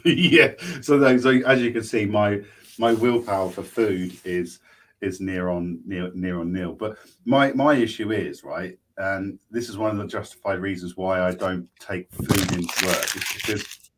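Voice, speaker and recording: A man's voice: low-pitched, measured pace, fairly bright tone. A man co-hosting a casual podcast, chatting loosely while finishing his lunch. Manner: chatty, munching through lunch while talking. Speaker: podcast co-host. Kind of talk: casual chat.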